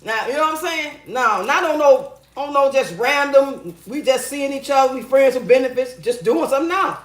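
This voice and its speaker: A woman's voice: high voice, animated, normal speed. A middle-aged woman hosting a casual advice show, reading viewer comments and telling stories bluntly and profanely, often laughing. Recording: roomy echo.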